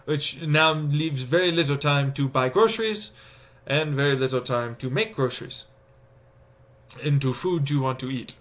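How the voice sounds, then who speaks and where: A young adult man with a slightly high, somewhat bright voice speaks at normal speed on a livestream. He rants casually and profanely to his chat about commuting costs, acting out his own exasperated thoughts.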